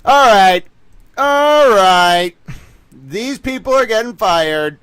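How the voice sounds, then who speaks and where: Excitable high-voiced man ranting on stream. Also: clean tone, dry recording. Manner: rapid, excitable, sometimes yelling. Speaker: livestream host. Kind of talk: animated livestream rant.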